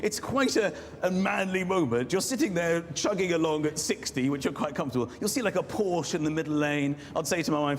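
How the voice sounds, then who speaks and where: A British man, a talk show guest, telling a self-mocking comic anecdote with animated energy. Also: fairly high pitch, brisk, hardly any pauses. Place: television studio with live audience. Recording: reverberant studio with audience noise.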